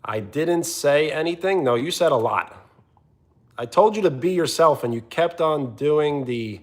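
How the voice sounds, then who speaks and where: A man live streaming, chatting casually and answering viewers' comments in an animated, teasing way. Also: unhurried. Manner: animated, teasing, often jumping higher in pitch.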